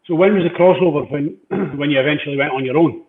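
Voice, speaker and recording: A man hosts the interview and keeps his guest talking with short, encouraging prompts. His voice sits a little high, and it comes through thin and phone-like. There is some room echo too. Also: fast talker. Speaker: podcast host. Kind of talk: casual interview. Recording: tinny phone-like line, echoey.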